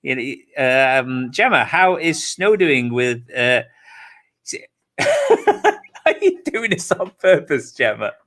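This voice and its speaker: Bright-voiced jokey livestream host. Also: male voice, medium pitch, sing-song, takes it slowly. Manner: jokey, laughs often, reads out viewer comments. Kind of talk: casual chat.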